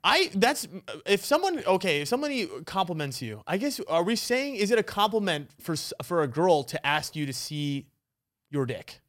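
Young male podcast co-host, high and animated voice, argumentative, quick to laugh. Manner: argumentative, laughs loudly, pushes his point. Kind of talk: casual crude banter.

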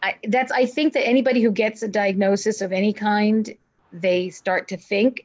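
A woman's voice: mid-range voice, fairly even intonation, moderate pace, darkish tone, lo-fi sound. A woman guest telling a personal story in an interview, earnest in tone and voicing relatives' words as she goes. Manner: earnest, acts out family members' words.

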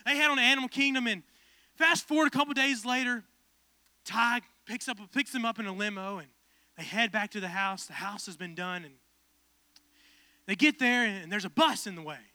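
Male pastor, 20s, storyteller turned fervent preacher; very high pitch, dry close sound. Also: moderate pace, no echo. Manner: casual, animated storytelling building to fervent preaching. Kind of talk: storytelling sermon.

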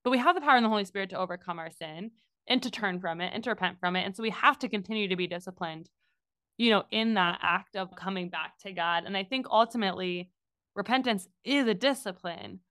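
A woman co-hosting a faith podcast, talking in a chatty, animated way with lots of asides. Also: mid-range voice, fast talker, smooth, no room sound, studio quality. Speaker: podcast co-host. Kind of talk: casual faith podcast chat.

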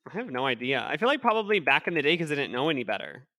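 A young man with a nasal, somewhat high voice that sounds bright and forward. He chats loosely in a casual podcast, trailing off and circling back. The sound is close and dry. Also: sing-song, very fast, dry recording. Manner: chatty, rambling with fillers. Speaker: podcast co-host. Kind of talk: casual chat.

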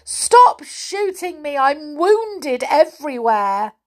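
A woman's voice: very animated, takes it slowly, exaggerated voice. A woman voicing a naughty big girl doll who shrieks and wails melodramatically. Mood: wailing. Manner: shrill, wailing, melodramatic.

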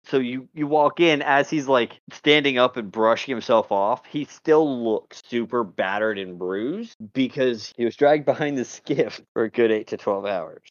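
A man's voice: mid-range voice, unhurried, few pauses, no echo, muffled recording. Laid-back man running a tabletop game. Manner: laid-back, chuckles while describing. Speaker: game master.

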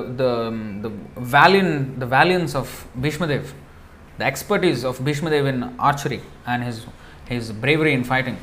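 Conversational preacher man, slightly high voice. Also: slight background noise. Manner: conversational, many fillers, acts out quoted dialogue softly. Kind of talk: devotional lecture.

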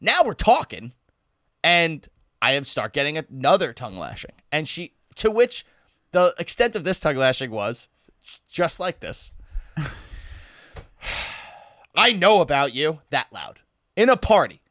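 A man's voice: on the high side, wildly swooping pitch, moderate pace, fairly bright tone, no echo, clean studio sound. A man telling a wild party story in casual chat, laughing and swearing freely.

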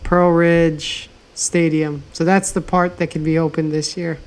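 A man's voice: fairly high pitch, little pitch movement, unhurried, clear, resonant tone. A man co-hosting a casual podcast chat, laid-back and slangy, swearing easily. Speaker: podcast co-host.

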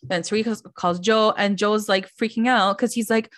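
Woman host, casual pop culture chat, chatty and gossipy, mid-pitched. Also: fairly even intonation, normal speed, a bit bright. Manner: chatty, lots of "like", quotes others in voices. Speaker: podcast host.

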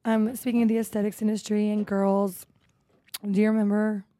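A woman in her thirties co-hosting a podcast, telling stories in a lively, casual way with plenty of swearing and laughter. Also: medium pitch, normal speed, dry recording, clean studio sound. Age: 30s. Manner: animated storytelling with frequent swearing and laughs. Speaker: podcast co-host. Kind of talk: casual chat.

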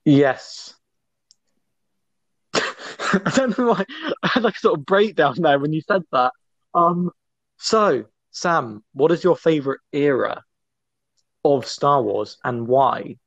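Gravelly-voiced man co-hosting a podcast. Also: on the high side, expressive, fairly bright tone, dry recording. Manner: joking, quick to laugh. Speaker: podcast co-host. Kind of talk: casual chat.

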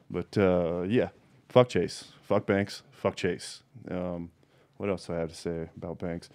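A man's voice: low-pitched, fairly even intonation, measured pace, a little mellow. A man hosting a podcast, a cannabis grower going on a heated, profane rant and swearing constantly. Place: home.

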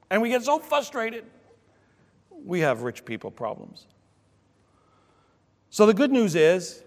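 A pastor preaching a sermon in an animated way, with sudden loud exclamations. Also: male voice, sits high, gravelly. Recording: long church reverb.

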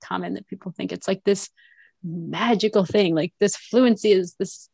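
A woman in her thirties talks as a podcast guest in a loose, chatty way, full of fillers and quick laughs. Her voice has a gravelly, creaky edge. The recording is dry and close, with no room sound. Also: medium pitch, a little mellow, no room sound. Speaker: podcast guest, French teacher and mother. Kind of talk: casual conversational interview.

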